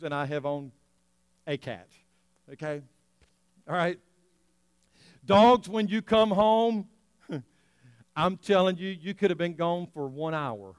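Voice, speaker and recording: A male pastor preaching a lively sermon, laughing often and acting out scenes for the congregation. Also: a little high, clear, resonant tone, no echo. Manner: animated, laughing often, acting out an excited dog.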